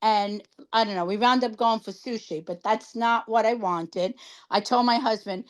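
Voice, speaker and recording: A woman's voice: a little high, moderate pace. A middle-aged woman from New York, a guest in a casual chat, telling her story about cancer treatment and acting out the dialogue in it.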